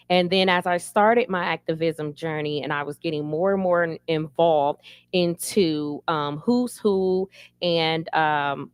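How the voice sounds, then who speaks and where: A woman's voice: on the low side, clean tone, dry recording, studio quality. Council candidate, woman, middle-aged, candid and emphatic. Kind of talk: interview answers.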